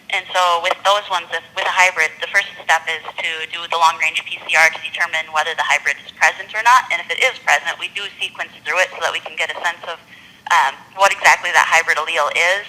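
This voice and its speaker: A woman's voice: lowish voice, pushed and bright. A woman on a telephone line from her office, explaining lab methods carefully, step by step. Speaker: expert presenter on a phone line. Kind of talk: technical explanation. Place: office with door, remote caller.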